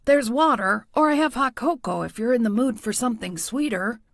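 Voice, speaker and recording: A woman's voice: on the high side, expressive, fairly quick, creaky, dry recording, clean studio sound. A woman voicing a genial older male small-town police chief who asks folksy, probing questions. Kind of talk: audiobook character voice.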